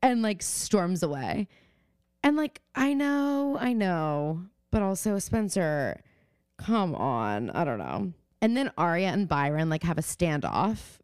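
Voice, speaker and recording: A woman's voice: fairly low pitch, sing-song, slow pace, a little mellow, clean tone, dry recording. A young woman co-hosting a podcast, chatting casually and swearing freely as she acts out quotes. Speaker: podcast co-host. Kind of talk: casual recap chat. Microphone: remote call mic.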